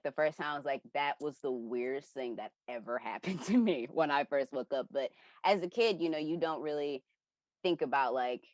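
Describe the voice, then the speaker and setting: A young woman casually retelling a personal dream, rambling and animated as she acts out what she said and thought. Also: rumbling low, no room sound. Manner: rambling, animated retelling with quoted inner voices. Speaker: community member sharing a dream.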